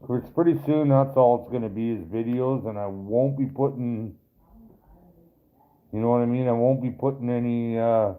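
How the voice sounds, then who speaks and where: A man's voice: mid-range voice, moderate pace. Rambling man on a tinny stream. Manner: rambling, profane, talks straight to viewers. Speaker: livestream host reading viewer chat. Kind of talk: casual live-stream chat. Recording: tinny phone-like sound.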